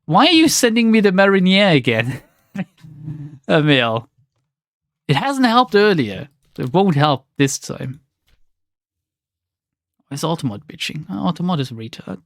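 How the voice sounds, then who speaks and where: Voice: medium pitch, sing-song, a little slow, long pauses, fairly bright tone, no echo, studio quality. Sarcastic, exasperated game streamer. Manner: exasperated, sarcastic, swears often. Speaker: let's play streamer. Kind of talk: casual game commentary.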